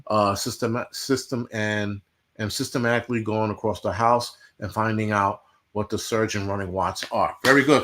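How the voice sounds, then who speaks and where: A man's voice: mid-range voice, a bit bright. A man hosting a livestream, ranting bluntly and profanely to his chat in casual talk. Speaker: livestream host.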